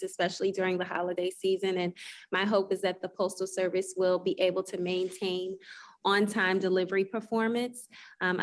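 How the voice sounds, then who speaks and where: A woman committee member giving polite, formal remarks at a hearing. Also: medium pitch.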